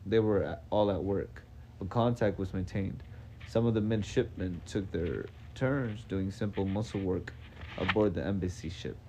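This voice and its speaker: A man's voice: low-pitched, normal speed, darkish tone, a little hiss or hum. A man doing a live reading of a novel, casual and unpolished, with stumbles and self-corrections. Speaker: reader.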